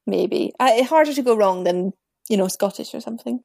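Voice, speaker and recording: A woman's voice: on the high side, lively intonation, fairly quick, creaky, darkish tone, no echo, studio quality. A woman in a casual podcast chat, teasing and giggly.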